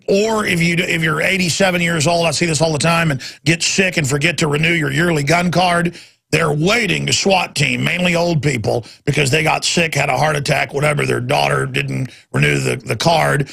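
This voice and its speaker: Brief: male talk host, gravelly and forceful, sarcastic ranting monologue. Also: on the high side. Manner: angry, sarcastic and emphatic.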